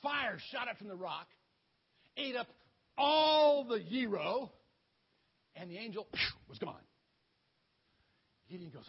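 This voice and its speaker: A man's voice: high-pitched, sing-song, a little slow, long pauses, slightly rough, lo-fi sound. A man preaching a children's story sermon, retelling a Bible story in a playful, conversational way.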